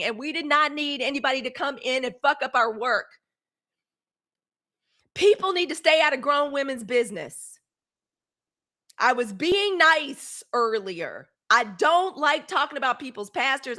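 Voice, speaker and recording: A Southern-accented woman from Mississippi hosts a casual livestream, speaking straight to her viewers and calling them y'all. She's fiery and blunt, swearing freely, with a high-pitched, sharp voice.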